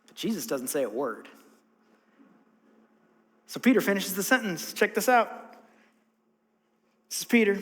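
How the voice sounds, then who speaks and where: In a church sanctuary with long hall reverb, a male pastor delivers a conversational sermon, repeating points for emphasis. His voice sits high and sounds a bit bright and sing-song, and he speaks unhurriedly with frequent pauses.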